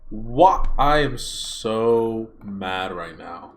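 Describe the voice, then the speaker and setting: A young man ranting in a casual livestream, exasperated and swinging his pitch widely, recorded on a smartphone. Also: expressive, unhurried, pushed and bright. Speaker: YouTuber streaming a watch party.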